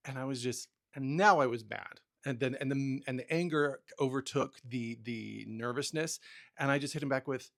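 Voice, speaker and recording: A man's voice: mid-range voice, normal speed, vocal fry, a bit bright. A man hosting a talk about nice-guy habits, telling personal stories in a candid, self-deprecating way with many restarts. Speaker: podcast host. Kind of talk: casual advice monologue.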